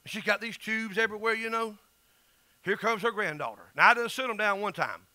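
A man's voice: high voice, a little fast, sharp tone, no echo. A middle-aged man with a Southern US accent, preaching an emphatic, folksy sermon as pastor.

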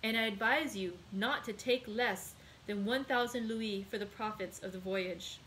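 A steady young sailor, calm and resolute, as a woman reads him aloud. The voice stays close to a plain reading voice, at an ordinary middle pitch, with only faint hiss behind it. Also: measured pace, lightly acted, poor audio. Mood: sorrowful. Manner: plain read-aloud voice for a character.

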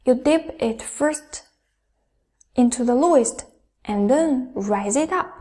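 A young adult woman teaching a Chinese lesson, carefully demonstrating each sound aloud in slow pronunciation drills. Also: high-pitched, lively intonation, warm tone.

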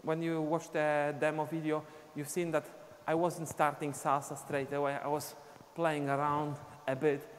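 A man's voice: on the high side, monotone, normal speed, hardly any pauses. Man counting dance beats in a reverberant studio. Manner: counts beats aloud while dancing. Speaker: dance teacher. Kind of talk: live online dance class, counting steps. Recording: long reverb, faint ambient noise.

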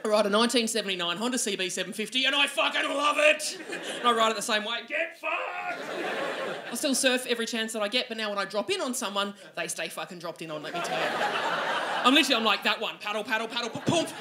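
A woman's voice: a little high, animated, quick pace. An Australian woman in her forties doing a brash, sweary stand-up comedy set on a comedy venue stage. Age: 40s. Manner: brash, sweary, loud bursts. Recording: noisy live club with crowd. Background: audience laughter.

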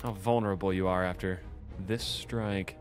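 A man's voice: low voice, steady tone, normal speed, faint music behind. A man streaming a video game, exasperated and swearing freely at his friend. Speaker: gaming streamer. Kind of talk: casual gaming banter.

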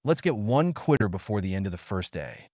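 A man's voice: on the low side, big pitch swings, brisk, a little mellow, no echo, clean studio sound. A man voicing a male drill-sergeant camp cook who roars orders at campers. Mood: barking. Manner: roaring orders.

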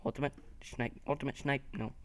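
A young man giving excited, taunting commentary over his own gameplay, talking to himself as he plays. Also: mid-range voice, fairly quick, slight background noise. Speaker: gaming video host.

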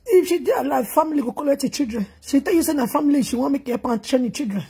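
A woman's voice: high voice, very fast, mellow. A middle-aged Nigerian woman vlogging, wailing and chanting in grief before telling a sad story in gossip style. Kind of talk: emotional lament and gossip.

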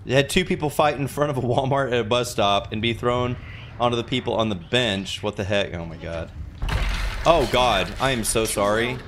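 A man's voice: medium pitch, moderate pace, a bit bright, slight background noise. A man streaming a game and chatting casually, rambling and laughing at himself as he plays. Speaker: gaming streamer. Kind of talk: casual gameplay commentary.

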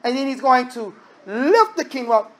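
A man preaching a sermon in a conversational, emphatic way, breaking into sudden loud bursts. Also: very high voice, sing-song, moderate pace.

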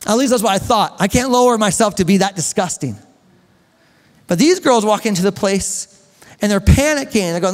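A man's voice: sits high, expressive, normal speed. A man preaching a sermon as a pastor, telling a story, asking the congregation questions and joking with them. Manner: storytelling, asks the congregation questions, jokes and laughs. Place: church hall with long reverb. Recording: echoey church hall.

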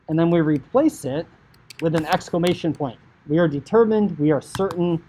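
A man teaching high school computer science, talking casually through code on screen, often saying "like" and acting out what a user might think. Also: expressive, normal speed, pauses often, dark tone, slight background noise, poor audio. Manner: chatty, filler "like", acts out inner thoughts. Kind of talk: casual coding screencast lecture.

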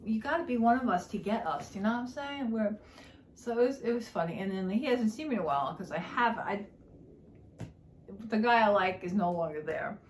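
A woman's voice: mid-range voice, fairly quick, slight background noise. Chatty New Jersey woman in an echoey room. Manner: animated, swears, acts out quoted exchanges. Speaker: vlogger. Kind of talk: casual chatty storytelling.

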